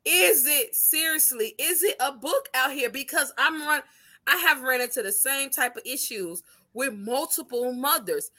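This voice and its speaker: A woman's voice: high voice, expressive, moderate pace, bright, forceful tone. Blunt, profane woman co-host. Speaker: podcast co-host. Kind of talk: casual opinionated chat.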